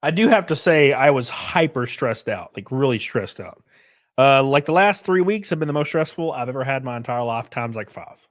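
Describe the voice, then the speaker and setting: A male streamer talking casually to his chat in a loose, profane way. His voice sits at an ordinary middle pitch, and he keeps calling out viewers by name. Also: expressive, normal speed. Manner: loose, swearing, shouts out chatters.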